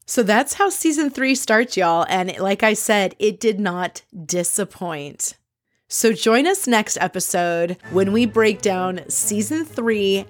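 A woman's voice: medium pitch, takes it slowly, soft background music. A woman hosting a podcast, recapping a reality TV episode in a chatty, gossipy way and quoting the people she talks about. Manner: chatty, gossipy, quotes people in animated asides. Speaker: podcast host.

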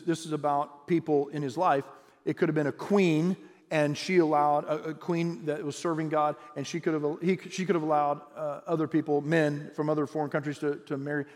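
A man preaching a sermon as pastor, animated and conversational, with frequent restarts and asides. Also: a little high, big-room sound.

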